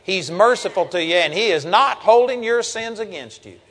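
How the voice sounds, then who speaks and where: A man's voice: sits high, expressive, normal speed, fairly bright tone. Older man preaching, long hall reverb. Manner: earnest, emphatic Bible teaching with scripture reading. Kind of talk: sermon.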